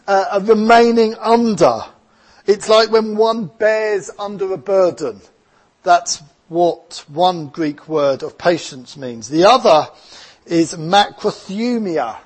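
A man's voice: sits high, a little mellow. A man with an Essex English accent preaching a sermon as a pastor, earnest and reflective, mixing scripture with personal stories.

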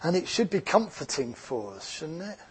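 A man's voice: a little high, sing-song, moderate pace, husky. A man with an Essex English accent preaching a sermon as a pastor, earnest and reflective, mixing scripture with personal stories.

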